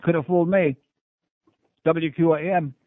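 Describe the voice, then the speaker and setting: A man hosting a call-in radio talk show, gruff, sarcastic and dismissive toward callers. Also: fairly high pitch, fairly even intonation, normal speed, no echo. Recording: tinny phone-like radio broadcast.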